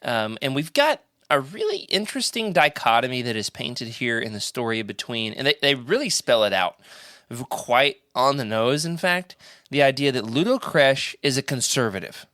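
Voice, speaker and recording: A man's voice: mid-range voice, moderate pace, no echo, studio quality. A man hosting a casual podcast roundtable, playful and leading the discussion. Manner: animated, playful, leads the discussion. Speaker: podcast host.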